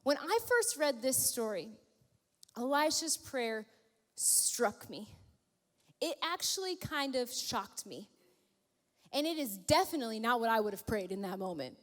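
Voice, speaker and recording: A woman pastor preaches with a high voice, leaning into playful storytelling. She takes her time and drives points home with emphatic repetition. A long reverb from the church hall hangs after each phrase. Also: animated, unhurried. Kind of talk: sermon.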